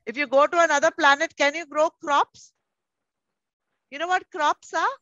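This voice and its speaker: Lively high-voiced woman teaching preschoolers. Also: normal speed, no echo, highs cut off. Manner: animated, playful and coaxing with small children. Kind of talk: teaching young children in an online class.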